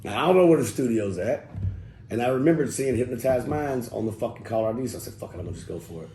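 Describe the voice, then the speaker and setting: A middle-aged man, casually telling an interview story in a loose, profane, animated way and quoting people as he goes. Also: mid-range voice, quick pace. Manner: loose, profane, animated retelling with quoted dialogue. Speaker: rapper telling his story as guest. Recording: roomy echo with faint background noise.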